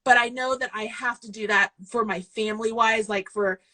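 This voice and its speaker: A woman's voice: fairly high pitch, steady tone, moderate pace, sharp tone, low-quality recording. A woman in her forties, a coach and business owner, chatting casually and getting tearful as she rambles. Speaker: guest host, yarn business owner and throwing coach. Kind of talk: casual video chat.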